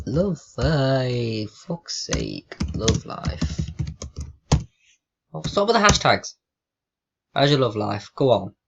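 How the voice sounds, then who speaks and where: A young vlogger with a sarcastic, foul-mouthed streak chats casually with a chatbot, reading his typed questions out loud. His voice is mid-range with some vocal fry, and the high frequencies are cut off.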